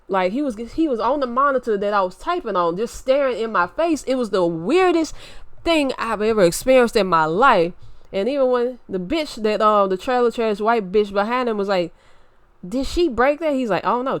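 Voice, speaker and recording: A woman with a Louisiana accent telling a story in an animated, indignant rant, muttering one moment and raising her voice the next. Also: fairly high pitch, moderate pace, no room sound. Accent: Southern US, Louisiana. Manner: animated, indignant, swings between muttering and raised voice. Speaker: vlogger.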